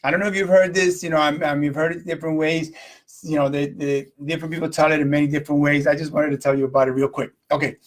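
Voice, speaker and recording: A man's voice: a little high, level tone, quick pace, slight background noise. A man hosting a live video stream, giving a casual motivational talk, rambling and asking his viewers questions. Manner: rambling, repeats himself, asks viewers questions.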